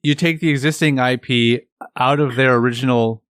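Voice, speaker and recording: A man's voice: mid-range voice, steady tone, moderate pace, a bit bright, smooth, no room sound, studio quality. A man co-hosting a podcast in casual chat, arguing playfully and teasing his co-host.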